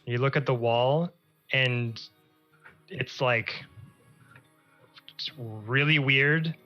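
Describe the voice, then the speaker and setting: A man's voice: medium pitch, very slow, dull audio, faint music behind. A man narrating as game master in a casual, descriptive way.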